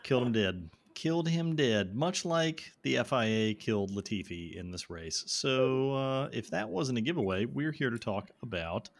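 A man's voice: medium pitch, lively intonation, normal speed, few pauses. A man hosting a casual podcast, joking and rambling with friends, a bit tipsy from drinking. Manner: joking, rambling, swears freely. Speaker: podcast host. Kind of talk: casual chat.

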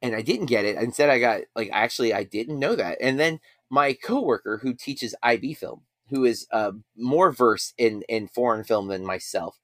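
Bright, rambling male podcast host. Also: medium pitch, expressive, normal speed, few pauses, no room sound, studio quality. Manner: rambling, self-deprecating. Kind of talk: casual chat.

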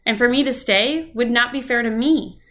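A woman's voice: on the high side, normal speed, fairly bright tone. Young female co-host, candid and heartfelt, lots of "like" fillers. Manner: heartfelt, tearful at times, many fillers. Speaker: podcast co-host. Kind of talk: casual chat.

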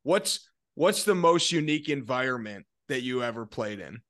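A man's voice: medium pitch, animated, moderate pace, a bit bright. A man hosting a podcast, asking the guest long, stacked interview questions. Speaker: podcast host.

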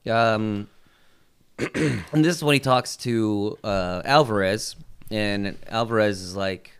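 A man co-hosting a podcast in casual chat, rambling and restarting sentences, cracking dark jokes. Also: lowish voice, slow pace, smooth. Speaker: podcast co-host.

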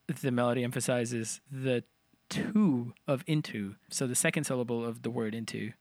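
With a mid-range voice at a moderate pace, a co-host analyzes song lyrics in a laid-back but analytical talk. He works through lyrics and rhythm step by step, counting the beats aloud, and there's no room sound.

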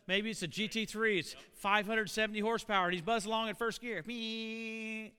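Animated preacher man, bright and ringing. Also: sits high, fast talker, clear, resonant tone. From Oklahoma. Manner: animated, storytelling, asking the congregation questions. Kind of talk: storytelling sermon. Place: church. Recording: echoey church hall.

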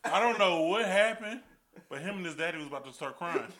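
A man's voice: high-pitched, animated, bright, forceful tone. A man co-hosting a podcast, teasing his friend and telling stories in casual chat. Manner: teasing, quick storyteller. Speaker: podcast co-host.

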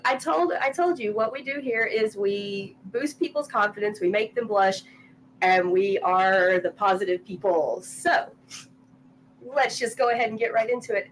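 A woman's voice: fairly high pitch, measured pace, a little hiss or hum, poor audio. Upbeat woman hosting a chat show. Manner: upbeat, gushing about the guest. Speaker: host. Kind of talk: casual chat.

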